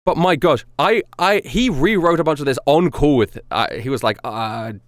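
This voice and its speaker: A man's voice: fairly high pitch, normal speed, faint music behind. A man streaming casual commentary as he ranks his own rap songs, rambling and self-critical as he talks them through.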